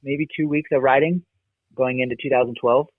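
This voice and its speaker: An easygoing man in his thirties recalls his years of racing and coaching in a relaxed, wandering way. His voice comes through thin and boxy, like a phone line, with no room sound at all. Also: medium pitch, fairly quick, no room sound. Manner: relaxed, rambling recollection with fillers. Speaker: guest, motocross racer and coach. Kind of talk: casual interview storytelling. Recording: dry, tinny phone-like line.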